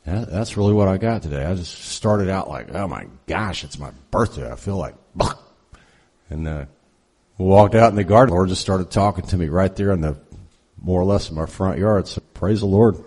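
A man sharing a relaxed, rambling story in an informal sermon at church. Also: low-pitched, moderate pace, husky. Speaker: church worship leader.

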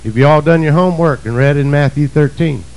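A male preacher delivering a sermon, emphatic and swinging between shouts and low asides. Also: fairly quick, low-quality recording.

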